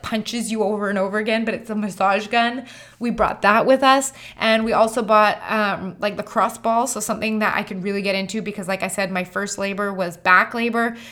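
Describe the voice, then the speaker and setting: A young woman shares a personal story in a loose, chatty way, peppering her sentences with "like" and "um". Her pitch sits in a middle range for a woman, and she tells it with animated energy. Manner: chatty, animated, many "like" fillers. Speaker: mother telling her birth story.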